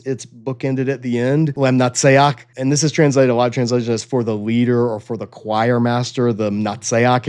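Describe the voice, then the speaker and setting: A man teaching a Bible study, earnest and emphatic, slowing down to read scripture aloud and stressing key phrases. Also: medium pitch, a little mellow.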